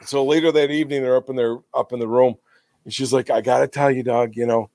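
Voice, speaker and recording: A man co-hosting a podcast in casual chat, retelling a funny skit with animated energy and laughter into his podcast microphone. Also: mid-range voice, fast, no room sound, studio quality. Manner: animated storyteller who laughs while retelling. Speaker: podcast co-host.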